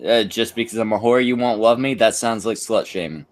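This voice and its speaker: A man's voice: fairly low pitch, a little fast. A man co-hosting a stream, bantering crudely and rambling with lots of fillers. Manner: rambling, many fillers and restarts. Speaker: stream co-host.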